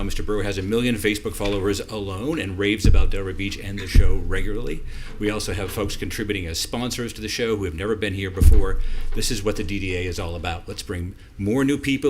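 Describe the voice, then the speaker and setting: Brisk, lower-voiced man at a podium. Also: a little hiss or hum. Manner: brisk, promotional. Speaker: volunteer co-producer of a car show. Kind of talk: public comment speech. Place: city meeting chamber.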